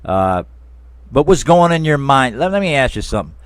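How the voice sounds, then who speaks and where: A man's voice: mid-range voice, big pitch swings, normal speed, no echo. A man hosting a casual interview, talking emphatically and turning to the listeners as friends and folks. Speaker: interview show host.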